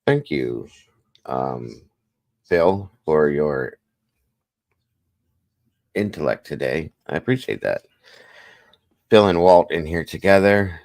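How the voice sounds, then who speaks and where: A man's voice: deep voice, slow, long pauses, no echo. A man hosting a casual livestream, chatty and rambling, greeting and thanking viewers by name. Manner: relaxed, rambling, reads chat aloud. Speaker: livestream host.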